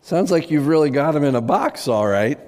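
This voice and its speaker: A man's voice: a little high, lively intonation, normal speed, darkish tone, big-room sound, natural voice. A man voicing a cheery young male host who coaxes people along. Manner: cheery, coaxing.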